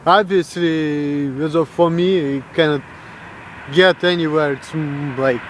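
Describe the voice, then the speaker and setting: A man's voice: fairly high pitch, fairly even intonation, measured pace, a little hiss or hum. A young Russian man with a Russian accent, ranting bluntly and crudely on a vlog. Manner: blunt, crude, mocking the voices of others. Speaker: vlogger. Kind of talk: blunt profane rant.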